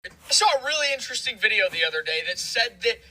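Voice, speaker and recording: A woman's voice: fairly high pitch, lively intonation, fast talker, pushed and bright, poor audio. A woman earnestly sharing an economic claim to camera. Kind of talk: social media commentary.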